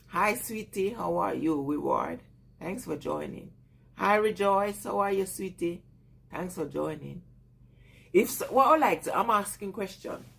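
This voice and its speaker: Husky Jamaican woman chatting on a live stream. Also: mid-range voice. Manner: chatty, greets viewers and laughs often. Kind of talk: casual live-stream chat with viewers.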